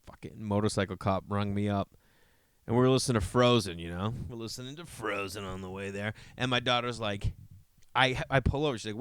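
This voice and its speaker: This podcast host talks fairly quickly with a clean tone and no echo. Animated and profane, he rambles through comedic tales, pitching his voice up to act out what other people said.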